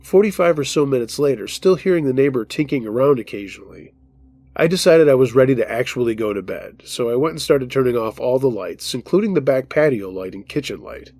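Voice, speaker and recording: A man hosting a horror podcast, reading a listener's true scary story aloud in the first person with steady, measured narration. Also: medium pitch, no room sound. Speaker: storytelling host.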